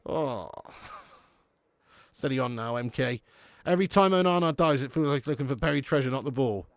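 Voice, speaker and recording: Hosting a casual watch-along live stream, this Dorset man with a southern English accent reads out the chat, bantering in slang with swearing and laughter. His voice is medium-pitched at a normal speed, in studio quality with no room sound.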